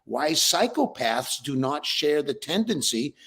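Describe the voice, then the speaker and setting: A man's voice: on the high side, very animated, unhurried, a bit bright, slightly rough. An older man, a breathwork teacher, answering interview questions with enthusiasm and frequent restarts. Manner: enthusiastic, repeats words when starting.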